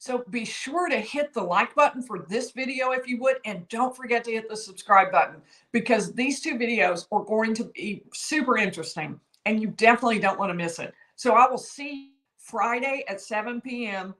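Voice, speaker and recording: A woman's voice: a little high, expressive, normal speed, fairly bright tone, rough recording. Woman hosting a legal livestream. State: slightly losing her voice. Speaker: legal commentary host. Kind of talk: livestream commentary. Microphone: streaming setup.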